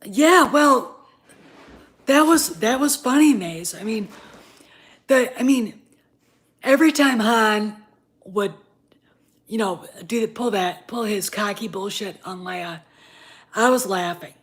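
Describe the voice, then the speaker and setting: A woman in her fifties ranting in a casual vlog. She swears a lot and swings from low muttering to loud, heated outbursts, with wine in hand. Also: slow pace, long pauses. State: drinking wine. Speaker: vlogger.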